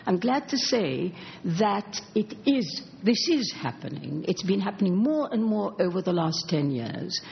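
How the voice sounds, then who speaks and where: A woman speaking as a panel speaker, answering in an earnest, halting way with fillers. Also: mid-range voice, sing-song, creaky. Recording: dull lo-fi recording with faint noise.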